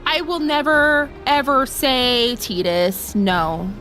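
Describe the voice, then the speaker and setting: A young woman streams a game, chatting playfully and breaking into laughter often. Her fairly high voice swoops up and down with lively expression. She talks at an unhurried pace over soft background music. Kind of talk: casual live-stream chat.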